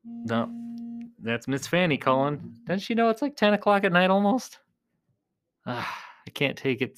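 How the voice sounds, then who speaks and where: A man with a slightly higher than usual voice rambles to his viewers in loose, joking chat. He pokes fun at himself and often trails off mid-thought before starting again. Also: big pitch swings, unhurried, pauses often, a bit bright, clean tone, faint music behind. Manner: chatty, joking, self-deprecating, trails off and restarts. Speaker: video creator. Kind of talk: rambling casual chat to viewers while playing a game.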